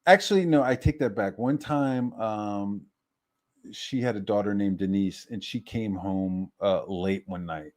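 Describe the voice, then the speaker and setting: Low-voiced man rambling through a profane story. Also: unhurried, darkish tone. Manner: rambling, profane, self-interrupting. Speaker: streamer. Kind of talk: casual storytelling.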